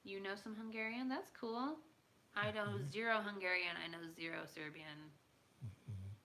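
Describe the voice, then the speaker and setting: A woman whose first language is English hosts a late-night live stream, tired but bubbly and playful as she chats with viewers. Her mid-range voice is animated, pushed, and bright at normal speed, with a little hiss or hum in the audio.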